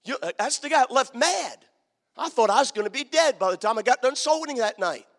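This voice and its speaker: A man preaching a sermon, telling a story that builds into fervent shouting. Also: very high voice, animated, a little fast, long reverb tail.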